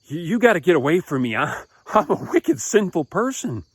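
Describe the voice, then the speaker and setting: A man's voice: mid-range voice, very animated, fairly quick, dry recording, natural voice. An earnest, humble fisherman, put on by a man telling a children's Bible story. He speaks hesitantly, almost pleading, with a voice that rises and falls widely. The sound is close and dry.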